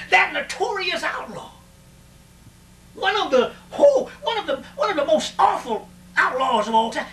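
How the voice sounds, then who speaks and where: High-voiced animated man telling a western yarn with lots of repeats, bright tone, echoey distant mic with hum. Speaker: storyteller. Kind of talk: first-person western tale.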